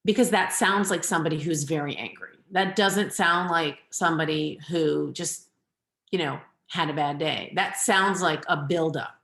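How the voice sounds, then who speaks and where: Middle-aged lady coach giving parenting advice on a webinar call, kinda low voice, roomy echo. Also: normal speed, creaky, a bit bright. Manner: earnest, advising, gives direct instructions. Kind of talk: webinar talk. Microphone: webinar video call. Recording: echoey room.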